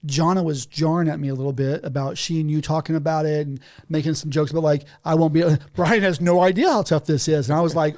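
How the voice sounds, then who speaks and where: Speaking quickly at a fairly high pitch, a man appears as a podcast guest in a house. He chats casually and tells stories with animation, frequently laughing mid-sentence.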